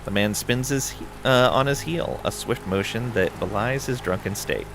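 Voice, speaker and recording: A man streaming a casual game playthrough, reading story text aloud in a relaxed way with asides. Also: fairly low pitch, moderate pace, a little hiss or hum. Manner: relaxed, with frequent ums and asides.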